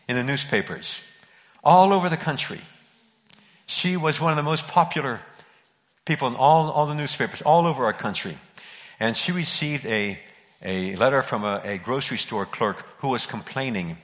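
A man's voice: medium pitch, a bit bright, in a large hall. A man preaching a sermon in an earnest way, repeating key phrases for emphasis. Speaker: pastor.

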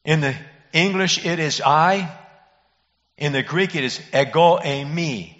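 A man, a pastor, preaching a sermon in an earnest, emphatic way with dramatic pauses. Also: on the high side, fairly bright tone. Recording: muffled audio in a reverberant hall.

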